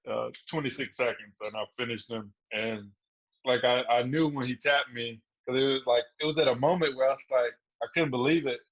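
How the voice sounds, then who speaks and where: A man's voice: mid-range voice, steady tone, a little fast, breathy edge, muffled recording. A man guest on a podcast, telling stories casually and laughing through them. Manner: laid-back, laughs through his stories. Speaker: guest fighter. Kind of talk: casual storytelling interview.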